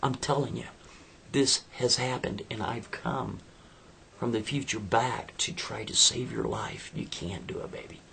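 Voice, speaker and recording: A man's voice: mid-range voice, fairly even intonation, a little slow, creaky, bright, forceful tone, slight background noise, exaggerated voice. A man voicing a young time traveler in a spoken story, pleading and urgent.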